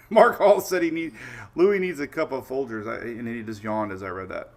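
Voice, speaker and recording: A man hosting a casual weather livestream, greeting viewers by name and telling stories in a chatty, relaxed way. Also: medium pitch, normal speed. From Florida Gulf Coast. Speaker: weather show host.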